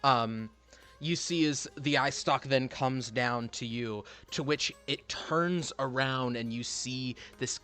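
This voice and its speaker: A man's voice: medium pitch, slow pace, sharp tone, soft background music. A man narrating as game master for a tabletop game, rambling with many fillers and restarts.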